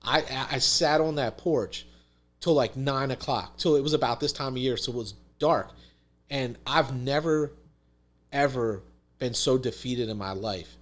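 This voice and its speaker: A man's voice: mid-range voice, measured pace. Emphatic man telling a story. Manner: emphatic, swears freely, says "dude" and "literally". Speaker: podcast guest. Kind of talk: casual storytelling.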